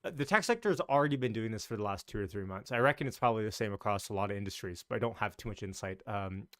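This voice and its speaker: Racing along in a lowish voice, a man runs a loose, chatty live stream on the market and says hello to viewers as he talks. His sentences start over often. The sound is studio quality with no echo.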